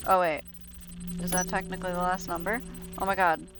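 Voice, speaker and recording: A woman streaming a video game, chatting casually and excitably with frequent swearing and playful grumbling. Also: lowish voice, faint music behind. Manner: chatty, excitable, quick reactions and self-talk. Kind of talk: casual live-stream gameplay commentary.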